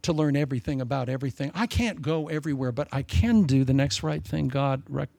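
An older man preaching a sermon in a folksy, humorous way, swinging between loud emphasis and soft asides. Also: medium pitch, fast, gravelly, no echo.

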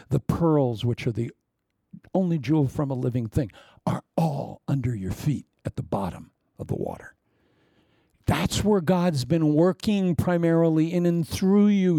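A man's voice: mid-range voice, measured pace, mellow, no echo, clean studio sound. A middle-aged man preaching a sermon as pastor, conversational and joking, with laughing asides.

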